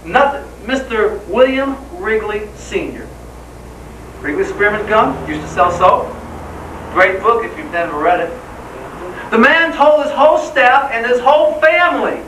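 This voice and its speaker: A man's voice: very high-pitched, unhurried, a bit bright, a little hiss or hum. A man giving a live motivational seminar speech, enthusiastic and firing rhetorical questions at the crowd. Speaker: motivational speaker. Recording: echoey hall, voice from far off.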